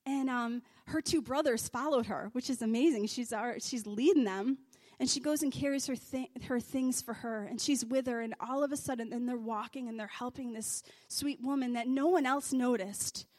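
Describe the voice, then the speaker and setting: A woman from Scotland tells a church story in a high, bright voice. She rambles casually, restarting her sentences and filling gaps with "um" and "like". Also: normal speed. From Scottish. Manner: rambling, many restarts and fillers. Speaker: speaker sharing a faith story.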